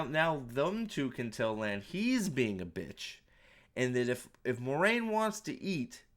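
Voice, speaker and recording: A man's voice: mid-range voice, a bit bright. Sarcastic man reviewing a show. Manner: sarcastic, mocking, swears freely. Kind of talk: casual commentary over playback.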